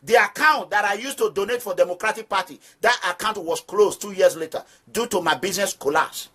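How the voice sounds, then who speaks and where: Man, Nigerian accent, high pitch, emphatic activist commentary, preaching to listeners. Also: fairly quick, pushed and bright, slightly rough. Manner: declamatory, emphatic, repeats phrases for stress. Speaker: activist movement leader. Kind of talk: direct-address political commentary.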